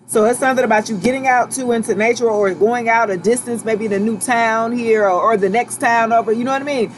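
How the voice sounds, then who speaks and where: A woman giving a casual tarot reading to her viewers, relaxed and reassuring, often checking in with "okay?" and "right?" and repeating herself as she talks. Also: fairly high pitch, a little hiss or hum. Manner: loose, chatty, repeats and restarts phrases. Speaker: tarot reader.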